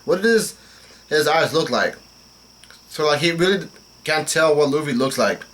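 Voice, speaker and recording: A man with a Southern US accent reading a comic chapter aloud and reacting, halting and restarting as he goes. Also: on the high side, lively intonation, a bit bright. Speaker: manga reaction host.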